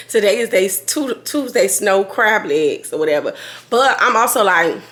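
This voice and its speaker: Chatty woman vlogger with a slightly hoarse voice. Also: medium pitch, fairly bright tone. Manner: chatty and rambling, with slang. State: slightly hoarse after being sick. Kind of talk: casual chat to camera.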